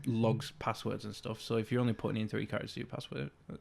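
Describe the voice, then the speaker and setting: A man's voice: fairly low pitch, fairly even intonation, fast talker, gravelly, a little mellow. A young man co-hosting a podcast, laid-back and laughing often in casual chat. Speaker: podcast co-host.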